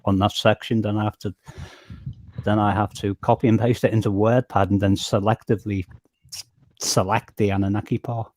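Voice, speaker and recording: A man's voice: medium pitch, darkish tone, no room sound. A man in his fifties chatting casually in a group voice call, rambling and joking about himself. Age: 50s. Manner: rambling, joking, self-deprecating. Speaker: chat participant.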